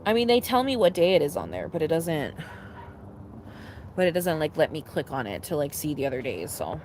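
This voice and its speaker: A young woman chatting casually on a livestream, rambling with lots of fillers and restarts, swearing freely and getting excitable. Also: low-pitched, fairly quick, slight background noise. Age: young adult. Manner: animated, laughing and excitable. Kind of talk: casual chat to a live audience.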